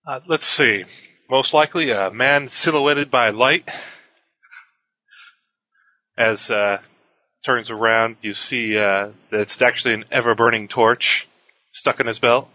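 A man's voice: medium pitch, measured pace, pushed and bright, no room sound, muffled recording. A man playing a tabletop game, describing his character hesitantly. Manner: hesitant, with many fillers. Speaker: player.

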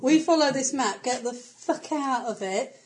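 A woman's voice: sits high, a little hiss or hum. A woman playing the ship's pilot in a tabletop game, brash and swearing freely. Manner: brash, swearing, quick to laugh. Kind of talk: in-character tabletop banter.

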